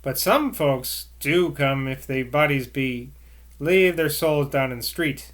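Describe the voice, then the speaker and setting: A man's voice: medium pitch, expressive, slow pace, a bit bright. A man voicing an eccentric old country woman who speaks in a rustic Somerset dialect, cryptic and odd.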